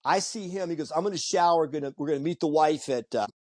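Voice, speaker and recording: Male podcast host, fairly high voice, animated storyteller who acts out the people he quotes. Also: quick pace, no echo, clean studio sound. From Virginia Beach, US. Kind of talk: casual conversation.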